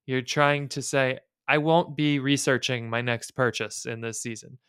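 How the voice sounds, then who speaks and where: Male podcast co-host, thirties, chatty and joking, crisp clear tone. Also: medium pitch, fairly even intonation, a bit bright, dry recording, clean studio sound. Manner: chatty, quick asides and jokes. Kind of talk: casual chat.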